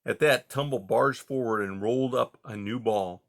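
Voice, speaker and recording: A man narrating a children's novel in a steady, measured reading style. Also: medium pitch, creaky. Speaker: audiobook reader. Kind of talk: storybook narration.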